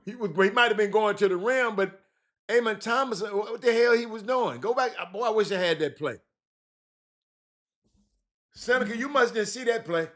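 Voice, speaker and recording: A man's voice: high voice, moderate pace, pauses often. A man hosting a livestream, talking basketball in a loose, teasing way and answering his chat. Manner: animated, teasing chat readers, repeats phrases. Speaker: livestream host. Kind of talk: casual basketball talk on a livestream.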